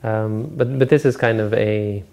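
A man giving an informal Buddhist dharma talk as a monk teacher, rambling and halting with many restarts and self-corrections. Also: lowish voice, mellow.

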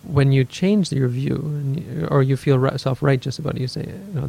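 A man's voice: medium pitch, steady tone, brisk, creaky, few pauses, dark tone, breathy edge. A man giving a meditation talk, thinking aloud, correcting himself and acting out people's inner voices. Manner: thoughtful, self-correcting, acts out inner voices. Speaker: meditation teacher. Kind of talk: dharma talk answering questions.

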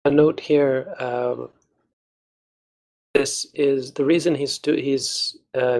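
A man, a Buddhist monk, patiently explaining a text to a study group in a measured way with small restarts. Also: mid-range voice, creaky, low-quality recording.

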